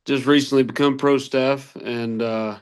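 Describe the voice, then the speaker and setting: A man from Arkansas, a turkey hunter appearing as a podcast guest, tells long, rambling hunting stories in a casual way. His mid-range voice is smooth and measured in pace, and his anecdotes are animated.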